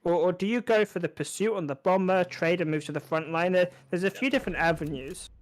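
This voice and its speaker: A man with a somewhat high voice calls a strategy card game match as a caster. He works through the options out loud, analytical, often repeating a word as he restarts. The delivery is conversational play-by-play. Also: fairly quick. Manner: analytical, frequent small restarts. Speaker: esports caster. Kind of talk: play-by-play commentary.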